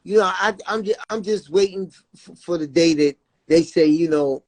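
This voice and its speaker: Earnest father speaking, slightly high voice. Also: moderate pace, darkish tone, no room sound. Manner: earnest, repeats himself, often says "you know what I'm saying". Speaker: guest, father of a jailed son. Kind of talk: emotional interview talk.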